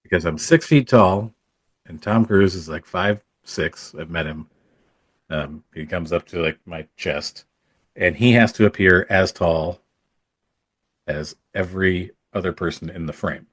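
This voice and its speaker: Deep-voiced man telling stories casually. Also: no room sound, clean studio sound. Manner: rambling, many fillers and restarts. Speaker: podcast guest, photographer and former actor. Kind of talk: casual storytelling in conversation.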